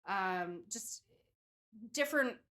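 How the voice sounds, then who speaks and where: A young woman with a bright, clear voice recounts a story to her friends on a podcast. She talks casually, full of "like" and "um", in a relaxed and chatty flow. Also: mid-range voice, slow pace. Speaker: podcast co-host telling the case. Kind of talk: casual chat.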